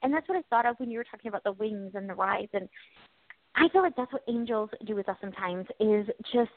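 A woman's voice: medium pitch, lively intonation, fast talker, no room sound. A woman co-hosting a radio show, telling a personal story in a chatty, reflective way. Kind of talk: casual chat. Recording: tinny phone-line sound.

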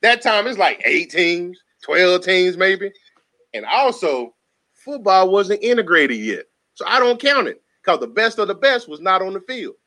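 A man's voice: high voice, very animated, unhurried, bright, forceful tone. A man co-hosting a casual sports talk show, making emphatic, opinionated points.

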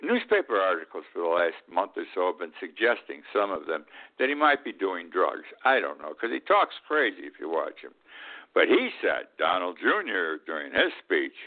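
Man in his eighties, radio host, political commentary, blunt and indignant, repeats himself, lively pitch, phone-like sound. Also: moderate pace. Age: 80s. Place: Key West. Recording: tinny phone-like line.

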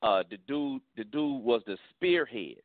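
A man's voice: mid-range voice, expressive, measured pace, dry recording. Comedian guy calling in, heated and repeats himself, tinny dry phone sound. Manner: emphatic, repeats words, street slang. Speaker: comedian guest. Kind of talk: phone interview.

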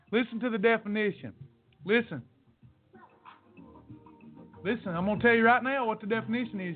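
High-voiced man preaching bluntly, tinny audio. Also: no echo. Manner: blunt, scolding, teasing, repeats himself for emphasis. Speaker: weight loss podcast host. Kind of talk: preachy motivational rant.

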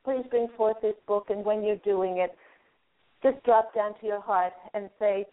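A woman radio host giving a call-in angel card reading, gently guiding the caller through a visualization. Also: medium pitch, steady tone, normal speed. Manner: soothing, guiding, talks listener through a visualization. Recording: narrow phone-line sound.

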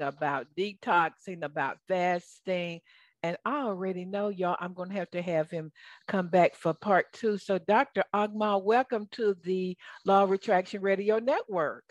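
A woman's voice: fairly low pitch, unhurried, no room sound. A woman with a Southern accent hosting a radio interview, chatty and enthusiastic. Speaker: radio show host.

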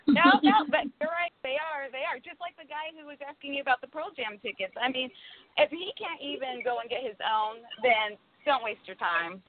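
A woman's voice: high voice, lively intonation, brisk. A woman hosting a casual radio chat, emphatic as she reacts to her guest. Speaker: host. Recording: tinny phone-like line.

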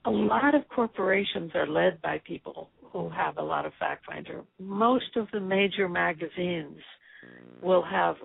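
A woman guest on a radio interview, calmly explaining step by step over a tinny phone line. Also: lowish voice, measured pace, creaky. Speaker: guest expert.

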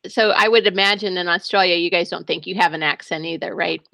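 Gravelly American woman host, halting. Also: on the low side, fairly even intonation, bright, forceful tone, dry recording. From United States. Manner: hesitant, stumbling restarts. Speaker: interview host. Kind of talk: interview.

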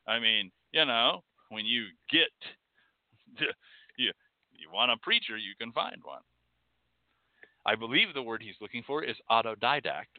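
A man's voice: mid-range voice, lively intonation, measured pace, long pauses, dry recording. A man hosting a show, delivering a blunt, profane, ranting monologue. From Texas. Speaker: podcast host. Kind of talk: impassioned monologue. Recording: dry, tinny phone-like sound.

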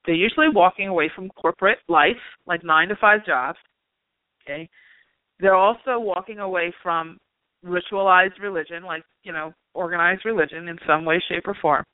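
A man's voice: high voice, normal speed, dry recording. A man hosting a spiritual talk show, chatting casually and peppering his talk with "you know" and "like". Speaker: spiritual reader and show host. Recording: tinny phone-line sound, dry.

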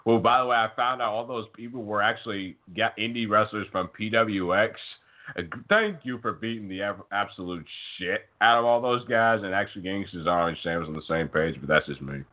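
A man's voice: fairly low pitch, a little fast. A man co-hosting a casual wrestling podcast, joking with a sarcastic edge. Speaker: podcast co-host. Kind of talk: casual chat. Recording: phone-like lo-fi line.

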